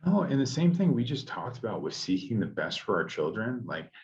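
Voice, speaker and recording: A man talking reflectively in a casual podcast conversation, a father thinking out loud with restarts. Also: on the low side, sing-song, a little fast, muffled recording.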